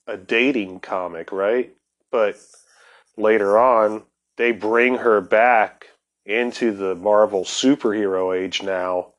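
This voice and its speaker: A fairly low-voiced man talks through comics history in a loose, rambling podcast monologue. He swears constantly, speeds up when he gets worked up and laughs at his own asides. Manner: profane, excitable storyteller who laughs often. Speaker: podcast host. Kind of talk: casual comics commentary.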